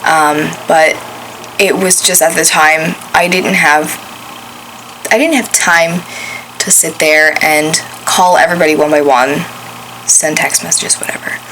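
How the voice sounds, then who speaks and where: A young adult woman telling a personal family story in a halting way, with many fillers, her voice rising and breaking at emotional moments. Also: low-pitched, fairly even intonation, a bit bright, rough recording. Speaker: storyteller recounting a family loss. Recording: noticeable background noise.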